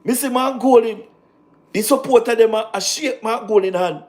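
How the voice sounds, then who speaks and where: Jamaican man, high register, animated political livestream host, repeats himself, patois mixed in. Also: moderate pace. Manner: animated, repetitive, talks in patois with laughs. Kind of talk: casual political livestream commentary.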